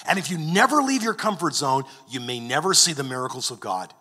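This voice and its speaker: Bright-voiced man preaching in a reverberant hall. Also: fairly high pitch, big pitch swings, fairly quick, husky. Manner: earnest preaching, restarts and repeats words. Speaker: pastor. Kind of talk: sermon.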